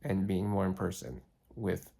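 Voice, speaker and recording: A young man vlogs by phone in a low, warm, slightly rough voice with vocal fry, little pitch movement and normal speed. Congested and throaty, he rambles reflectively with plenty of fillers, first lying on his side and then standing.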